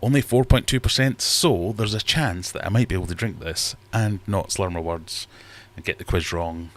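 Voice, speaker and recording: A man's voice: deep voice, normal speed. A man hosting a casual livestream from his fish room, rambling and self-deprecating as he reads chat aloud. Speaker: livestream host.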